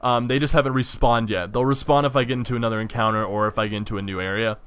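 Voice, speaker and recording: A man giving casual gameplay commentary, excitable, swearing and stumbling over his words, with faint game music behind. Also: mid-range voice, racing, clean tone. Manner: excitable, swears, stammers and restarts. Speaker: let's play commentator.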